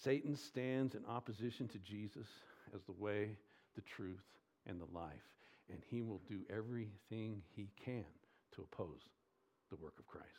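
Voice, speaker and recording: A man preaching a sermon with emphatic delivery, asking the congregation questions and swinging between loud stresses and quiet lows. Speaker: pastor.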